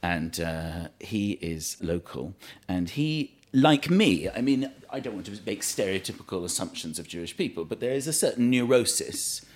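A man's voice: sits low, animated, normal speed. A man chatting as a guest, telling rambling, self-deprecating anecdotes with frequent restarts. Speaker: comedian guest. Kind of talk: anecdotal chat.

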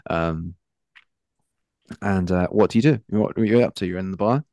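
Deep-voiced man running a tabletop game. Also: normal speed, dark tone, no echo. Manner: hesitant, many fillers. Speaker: game master.

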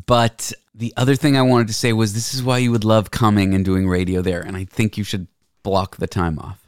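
A man hosting a casual podcast chat, an animated storyteller who teases his co-host. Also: fairly low pitch, fairly quick, smooth, no room sound, studio quality.

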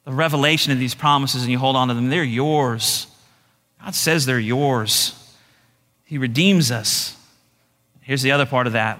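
A middle-aged male pastor preaching a sermon in an animated, folksy way, laughing often. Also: on the high side, in a large hall.

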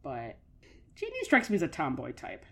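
A woman's voice: low-pitched, huge pitch swings, moderate pace, vocal fry, breathy edge. A woman co-hosting a podcast in casual chat, talking in a loose, chatty way with lots of filler words. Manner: chatty, many filler likes. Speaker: podcast co-host.

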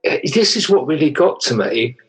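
An older man interviewing someone, speaking earnestly in a halting way. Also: fairly high pitch, expressive, husky, low-quality recording. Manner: halting, with many restarts and fillers, earnest. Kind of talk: interview conversation.

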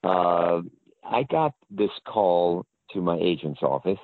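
Older male guest from the American South, very deep voice, rambling, full of fillers, on a dry phone-quality line. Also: lively intonation, slow, no room sound. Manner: rambling and hesitant, with many fillers and restarts. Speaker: interview guest. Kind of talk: casual anecdotal storytelling.

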